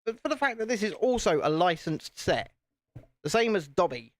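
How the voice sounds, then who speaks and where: A man's voice: high voice, big pitch swings, normal speed, dry recording. A British man hosting a casual live stream, chatting to viewers while he builds and poking fun at himself. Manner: chatty, self-deprecating, talks to viewers.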